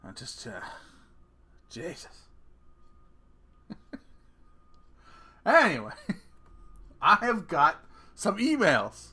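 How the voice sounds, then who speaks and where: A man's voice: a little high, huge pitch swings, very slow, pauses often, pushed and bright, husky. A middle-aged man telling family stories in a casual rant, swearing freely and laughing at his own punchlines. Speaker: vlogger.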